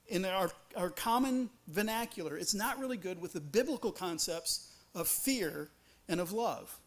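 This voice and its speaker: High-voiced man preaching a conversational sermon. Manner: earnest, conversational preaching with frequent restarts and rhetorical questions. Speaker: pastor.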